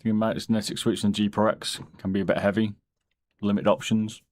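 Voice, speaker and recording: A man chatting casually on a live stream, rambling in a relaxed way as he answers questions from chat. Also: lowish voice, moderate pace, slight background noise. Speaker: streamer and mouse modder. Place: home, during a live stream.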